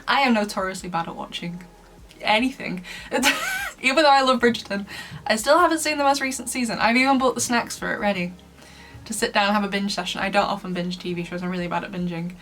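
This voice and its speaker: A woman's voice: medium pitch, big pitch swings, fast talker, a bit bright. A woman from Lancashire giving a casual review commentary in a chatty way, laughing often between points. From Lancashire, England. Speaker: book reviewer.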